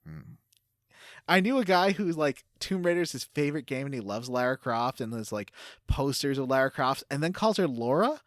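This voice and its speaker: A man's voice: mid-range voice, very animated, moderate pace, no echo, clean studio sound. A man co-hosting a casual gaming podcast, laughing often and walking through the game's story with plenty of fillers. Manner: laughs often, explains the game plot with many fillers. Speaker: podcast co-host.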